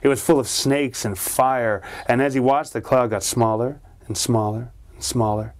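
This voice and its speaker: A male storyteller spins a spooky tale aloud at a middle pitch. He leans into the drama, lifting his voice for pleading parents and sinking it for menace. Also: fairly even intonation, moderate pace. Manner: dramatic, acts out the characters with voice shifts. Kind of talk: told ghost story.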